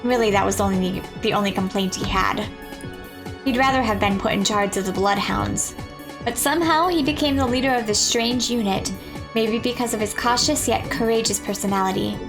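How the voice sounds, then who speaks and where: A woman's voice: medium pitch, normal speed, over music. A woman reading a visual novel aloud, with playful joking asides to her listeners.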